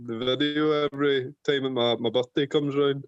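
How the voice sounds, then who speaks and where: A man's voice: mid-range voice, fairly even intonation, fairly quick, smooth, dry recording. Easygoing man guest on muffled audio. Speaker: arm wrestler guest. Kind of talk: casual chat.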